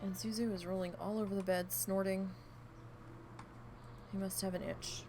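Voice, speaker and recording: A woman's voice: mid-range voice, moderate pace, over music. A woman streamer chatting casually and telling a rambling story, acting out the lines she quotes. She sounds stuffy and is losing her voice from allergies. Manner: rambling storyteller, animated when quoting her dog. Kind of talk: casual chat during a live game stream.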